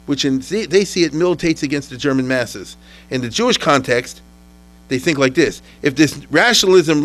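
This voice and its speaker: A man teaches a history class in a casual lecture, frequently restarting his sentences. His voice is a bit bright, and he impersonates the people he quotes with sudden leaps in pitch.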